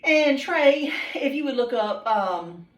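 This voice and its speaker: A woman's voice: high voice, lively intonation, slow pace, muffled recording. A woman teacher, patiently questioning students by name in a classroom, with frequent ums. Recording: roomy classroom, mic far off.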